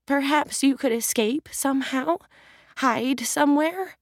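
A woman reading an audiobook, voicing a gentle, slightly tipsy old woman with a soft, low voice. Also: measured pace, no echo, studio quality. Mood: tender.

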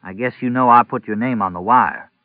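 A man's voice: medium pitch, a little fast, dry recording, close to an everyday voice. A man voicing a heavy, ailing middle-aged rural sheriff with a folksy manner. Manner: folksy, drawling, a bit weary. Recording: tinny narrow-band audio.

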